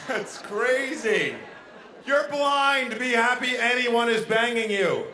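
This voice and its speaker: A brash male stand-up comic with a fairly high, bright, punchy voice, talking into a handheld mic. The sound is echoey, as from a big showroom, with a faint room ambience underneath. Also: slight background noise. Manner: brash, animated, jumping into quick voices. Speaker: stand-up comedian. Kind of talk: stand-up comedy set. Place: casino showroom stage.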